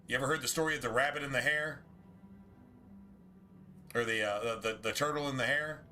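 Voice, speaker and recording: A man's voice: mid-range voice, a little fast, long pauses, sharp tone. A man streaming a video game, chatting casually in a rambling way, full of restarts and asides. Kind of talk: casual chat while streaming gameplay.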